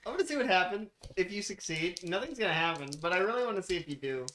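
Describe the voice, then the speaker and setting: A man's voice: high-pitched, animated, fast talker, fairly bright tone. A man running a tabletop horror game as game master, laughing often and exasperated at his players.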